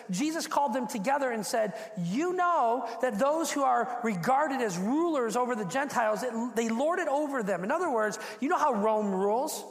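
A man preaching a sermon as pastor, animated, acting out quotes and repeating words as he builds. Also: very high voice. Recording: echoey hall.

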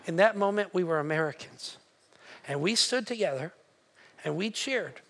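A man's voice: high-pitched, lively intonation, moderate pace, creaky, fairly bright tone. A male pastor, telling a story in a sermon and acting out his own reactions. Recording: long hall reverb.

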